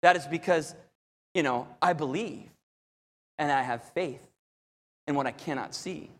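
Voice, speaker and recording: A man's voice: a little high, unhurried, a bit bright. A man preaching a sermon, telling a story with animation, often repeating phrases and speaking directly to the crowd. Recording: long hall reverb.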